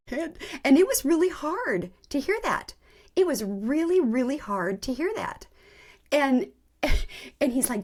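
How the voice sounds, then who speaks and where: Woman podcast host, a little high-pitched, gives a candid and earnest personal faith testimony. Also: sing-song, measured pace. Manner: candid, earnest storyteller who laughs at herself.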